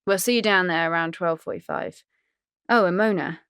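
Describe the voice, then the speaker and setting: A woman's voice: lowish voice, normal speed, a bit bright, clean tone, no echo, clean studio sound. A woman narrator voicing an easygoing, offhand husband.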